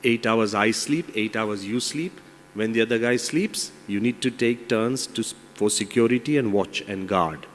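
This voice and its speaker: A man's voice: on the low side, normal speed, slight background noise, pitched below the performer's own voice, close to an everyday voice. A man voicing a scheming, cowardly man in a fable, wheedling and then pleading. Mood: sly. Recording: long reverb in large hall.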